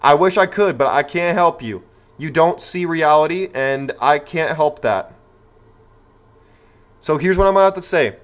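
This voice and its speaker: The host's voice sits on the high side, and he takes his time, pausing often. In his podcast he addresses listeners head-on with an emphatic, rhetorical, opinion-driven monologue.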